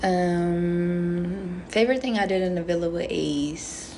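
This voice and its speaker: A woman's voice: fairly low pitch, slow, mellow, slight background noise. A young woman chatting casually on a phone livestream, answering viewer comments with lots of "um" and "like" in a playful, rambling way. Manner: chatty and playful, heavy on fillers like "um" and "like". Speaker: reality show contestant on a livestream.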